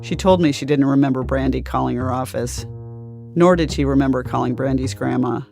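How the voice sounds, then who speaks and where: Gravelly-voiced man narrating over guitar. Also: medium pitch, a little fast, a little mellow. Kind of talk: scripted narration.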